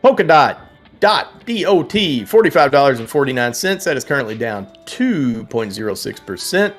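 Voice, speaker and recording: A livestream trading host chats casually through live market commentary, reading out prices and viewers' names, laughing often and sometimes singing the names. His medium-pitched voice is sing-song at a moderate pace, with soft music in the background.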